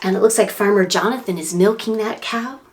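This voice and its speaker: A woman librarian reading a picture book aloud to preschoolers, animated and sing-song, making animal and wind sounds as she goes. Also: mid-range voice, fairly quick. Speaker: children's librarian.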